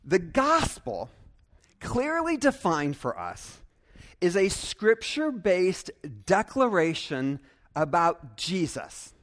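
A man's voice: sits high, wildly swooping pitch, slow, fairly bright tone. A young adult male pastor preaching a sermon earnestly and emphatically, repeating phrases for stress.

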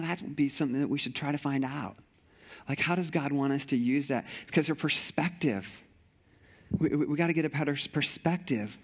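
A middle-aged male pastor preaching a sermon with passion, repeating phrases and often restarting sentences. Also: mid-range voice.

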